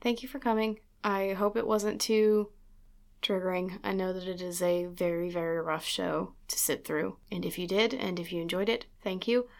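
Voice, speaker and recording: A woman's voice: lowish voice, fairly even intonation, moderate pace, creaky. A young woman co-hosting a student podcast, chatty and giggly as she plugs campus shows. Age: young adult. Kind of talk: casual chat.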